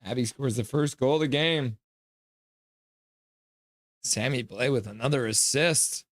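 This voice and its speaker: A man hosting a live hockey reaction stream, reading chat messages aloud, joking and reacting loudly to goals. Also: mid-range voice, unhurried, no room sound, studio quality. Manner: excitable, reads chat aloud and jokes.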